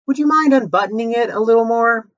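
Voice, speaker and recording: A man playing a rude corporate job interviewer in a comedy sketch, brisk, deadpan and condescending. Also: extremely high pitch, no room sound, lo-fi sound.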